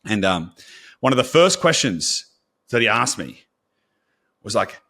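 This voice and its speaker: A man's voice: lowish voice, unhurried. Blunt man chatting on a podcast. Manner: blunt, animated, swears freely. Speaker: podcast co-host. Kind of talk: casual podcast chat.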